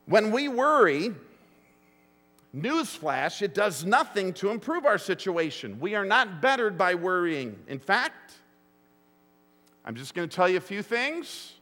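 A man preaching in a large hall, his bright, slightly high voice swooping up and down as he fires rhetorical questions at the congregation. He talks slowly and leans hard on each point, and a long reverb trails every phrase. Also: big pitch swings. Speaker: pastor. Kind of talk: sermon.

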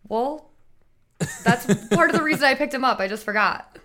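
A bubbly woman chats as a guest on a casual podcast. She talks in an animated way, laughs easily, and gets loud when she is excited. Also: high voice, moderate pace. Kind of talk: casual chat.

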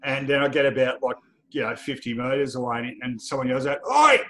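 A man's voice: medium pitch, brisk. Australian male guest, chatty storyteller, frequent laughs. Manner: lively anecdotal storytelling, laughs often. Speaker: guest, football journalist. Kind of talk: casual podcast chat.

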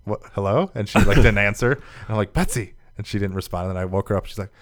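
A man co-hosting a gaming podcast in casual chat, telling an expressive story with laughter. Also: lowish voice, rapid-fire. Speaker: podcast co-host.

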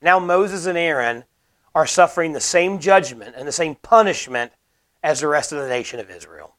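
A man's voice: on the high side, lively intonation, moderate pace, fairly bright tone. A man preaching a sermon, explaining scripture in an earnest, emphatic way and repeating key phrases for weight.

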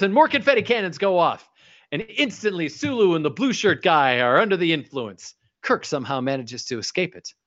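A man chats through an episode recap on a podcast, his voice fairly high and full of swoops. He rambles and sidetracks as he talks. The recording is dull and lo-fi. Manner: animated, rambling, breaks into quick impressions. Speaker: podcast co-host. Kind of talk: casual chat recapping an episode. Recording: dull lo-fi audio.

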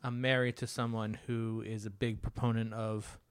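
A man in casual chat, speaking in a hesitant, halting way. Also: on the low side, little pitch movement, smooth, dry recording, studio quality.

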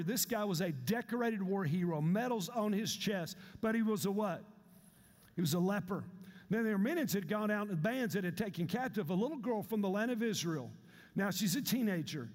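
A male pastor, preaching an animated, humorous sermon. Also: high voice, big-room sound. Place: church sanctuary.

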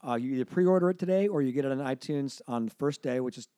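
Man, quick talker, rambling comic riffs, producer guest, dry mic. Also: medium pitch, mellow, no room sound. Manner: rapid, rambling, riffing on bits. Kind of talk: casual comedic chat.

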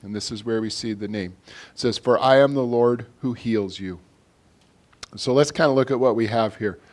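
A man's voice: mid-range voice, moderate pace, a little mellow. A man preaching a casual sermon to a congregation, talking in a loose, conversational way full of fillers and restarts.

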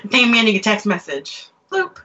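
Slow-talking bright giggly woman. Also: on the high side, sing-song, highs cut off. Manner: giggly, lots of laughter. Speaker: podcast co-host. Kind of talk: casual chat. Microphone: headphones with mic.

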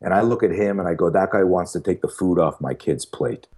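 A man talking as a podcast guest, telling a long story in a casual, animated way with many fillers and acted-out dialogue. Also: low voice, a little fast, slightly rough.

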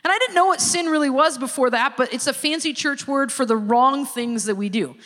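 A woman giving a sermon-style personal testimony, a lively storyteller who acts out the people she quotes. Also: high voice, brisk. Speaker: speaker giving a church testimony. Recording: long reverb of a large hall.

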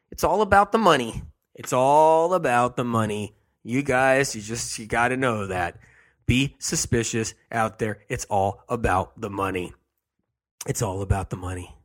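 A man hosting a health show, talking emphatically and repeating his key phrases over and over. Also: fairly low pitch.

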